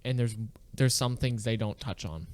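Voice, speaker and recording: A man's voice: mid-range voice, normal speed. A young man co-hosting a podcast, telling stories casually and with enthusiasm. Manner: enthusiastic, animated storytelling. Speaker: podcast co-host. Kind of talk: casual chat.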